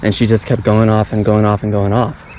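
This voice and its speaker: A man's voice: on the low side, level tone, fairly quick, darkish tone, a little hiss or hum, poor audio. A young man filming a fishing vlog outdoors at a pond on an action camera, talking in a laid-back, chatty way and often repeating himself. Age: young adult. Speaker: fishing vlogger. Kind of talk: casual vlog commentary.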